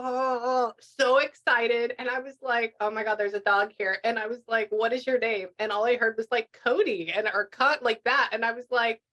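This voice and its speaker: Fairly high-voiced woman, chatty pet medium, rambles and restarts a lot. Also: a bit bright, highs cut off. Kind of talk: casual live reading session.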